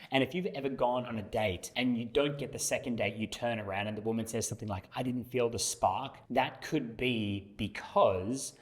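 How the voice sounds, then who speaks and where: A man's voice: mid-range voice, normal speed, few pauses. A young man as a dating coach, explaining emphatically and acting out examples. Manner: emphatic, illustrates with acted examples. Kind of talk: explanatory talk to camera.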